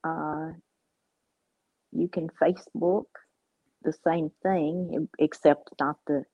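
A woman's voice: low voice, fairly even intonation, slow pace, slightly rough, no room sound, lo-fi sound. A woman co-hosting a casual podcast in a laid-back way. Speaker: podcast co-host.

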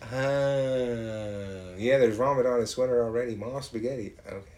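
Casting note: a man, everyday pitch, loose rambling banter, laughs and swears freely. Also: moderate pace, darkish tone. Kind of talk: casual chat.

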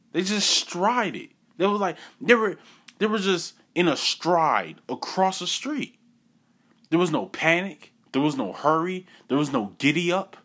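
Animated man telling a story. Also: sits high, slightly rough. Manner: animated, repeats phrases for effect, acts out quotes. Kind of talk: casual personal storytelling.

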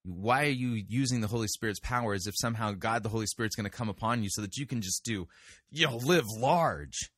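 A man's voice: lowish voice, fairly even intonation, fast talker, hardly any pauses, a bit bright, no room sound, clean studio sound. A man hosting a show of sermon reviews, talking in a firm, corrective, argumentative way. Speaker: podcast host reviewing sermons. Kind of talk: critical commentary.

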